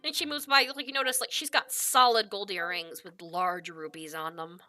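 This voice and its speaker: A woman's voice: lowish voice, fairly even intonation, normal speed, sharp tone, soft background music. A woman game master narrating a tabletop game in a casual, descriptive way, full of "like" fillers.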